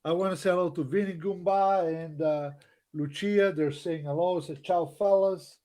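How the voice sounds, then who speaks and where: Halting male talk-show host. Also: on the high side, steady tone, a little mellow. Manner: halting questions with many fillers. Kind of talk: casual interview questions.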